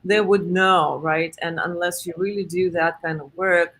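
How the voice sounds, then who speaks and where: Woman host, low-ish voice, enthusiastic and affirming, chatty with fillers. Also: fairly even intonation, unhurried, a bit bright. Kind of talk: interview, casual chat.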